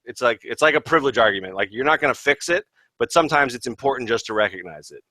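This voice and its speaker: A man's voice: medium pitch, lively intonation, fast talker, bright, forceful tone, no echo. A man co-hosting a casual wrestling podcast, talking thoughtfully and hedging his points. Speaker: podcast co-host.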